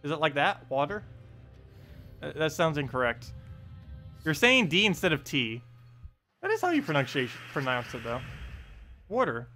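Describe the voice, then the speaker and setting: Man, casual live-stream host, playful and laughing, very lively intonation, soft music bed. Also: fairly high pitch, fairly quick. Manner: playful, laughs often, keeps repeating a word to test his pronunciation. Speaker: game streamer.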